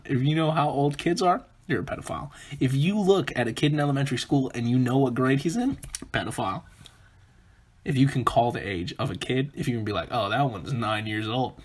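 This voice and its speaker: A man's voice: medium pitch, breathy edge. A man hosting a comedic solo podcast, rambling and interrupting himself as he jokes. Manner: rambling, self-interrupting, jokey. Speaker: podcast host.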